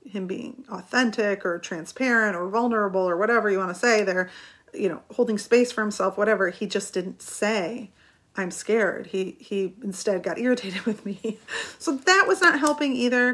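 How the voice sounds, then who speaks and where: Woman, middle-aged, vlogger, casual storytelling, animated and chatty, laughs as she talks. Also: medium pitch, moderate pace.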